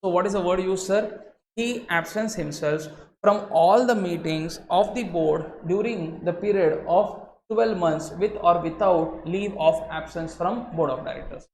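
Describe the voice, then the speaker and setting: A man's voice: high-pitched, unhurried, darkish tone. A man with an Indian English accent lecturing on law for exam students, tossing in "sir" and Hindi asides as he shifts his tone for emphasis. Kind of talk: recorded exam-prep lecture. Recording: roomy echo, faint noise.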